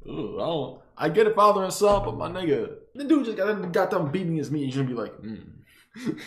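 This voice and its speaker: A man's voice: fairly high pitch, very animated, fast talker, a crowd in the background. A young man reacting to a movie with profane, laughing, incredulous outbursts. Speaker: reaction video host. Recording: echoey room.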